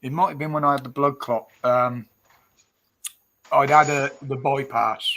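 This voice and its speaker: A man's voice: mid-range voice, fairly even intonation, measured pace, pushed and bright, slight background noise. A man chatting casually on a livestream, blunt and swearing freely, laughing often. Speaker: livestream host. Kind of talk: casual chat.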